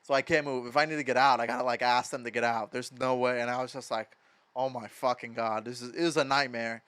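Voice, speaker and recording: Young guy from wisconsin, smooth mid voice, swears a lot, says like constantly. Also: mid-range voice, quick pace. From Madison, Wisconsin. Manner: filler-heavy, profane, animated. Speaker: podcast guest. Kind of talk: casual storytelling.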